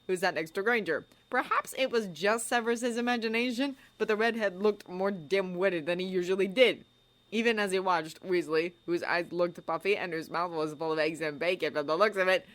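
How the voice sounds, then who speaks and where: A woman narrating a fan story aloud in a measured storytelling manner. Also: medium pitch, a bit bright. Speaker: fanfiction narrator. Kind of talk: audiobook narration.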